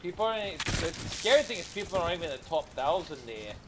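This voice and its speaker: A man co-hosting a casual chat while gaming, rambling and excitable, cursing freely. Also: on the high side, quick pace, noisy background. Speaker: podcast co-host.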